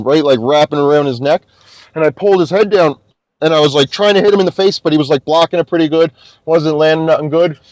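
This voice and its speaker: Young man, high voice, dry close sound, profane animated storyteller. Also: dry recording, rough recording. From Nova Scotia, Canada. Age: young adult. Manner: animated, profane, swears constantly. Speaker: podcast guest. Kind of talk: casual storytelling.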